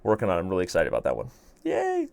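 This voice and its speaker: A man's voice: deep voice, sing-song, very fast, vocal fry, a little mellow, slight background noise. A young man hosting a chess show, chatting casually and thinking aloud as he works through a puzzle, with self-mocking humor. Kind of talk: casual live-stream commentary.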